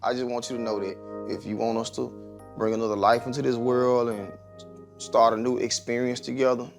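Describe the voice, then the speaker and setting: An easygoing man with a medium-pitched voice, talking casually and warmly to the people around him. Faint music runs underneath. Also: flat delivery, a little fast, gravelly. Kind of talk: casual chat.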